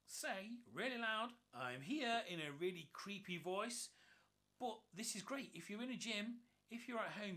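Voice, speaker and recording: A man's voice: high-pitched, sharp tone. A man giving an enthusiastic, upbeat walkthrough review of a gadget. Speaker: tech reviewer.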